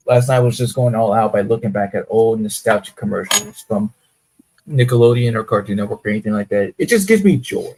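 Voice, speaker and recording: A man's voice: on the low side, brisk, noisy background. Rambling, enthusiastic man in stream chat. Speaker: stream co-host. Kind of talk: casual online chat.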